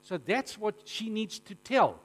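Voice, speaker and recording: A South African man preaching from the front of a congregation, his voice sitting noticeably high for a man. He tells his stories with humour and keeps drawing the crowd in with questions. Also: a little slow, breathy edge, rough recording. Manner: animated and jokey, asking the audience questions. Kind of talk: storytelling sermon to a live congregation.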